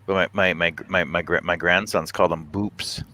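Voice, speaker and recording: Older stammering man, low bright voice. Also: fairly even intonation, moderate pace. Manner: stammers and repeats words. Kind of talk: casual chat.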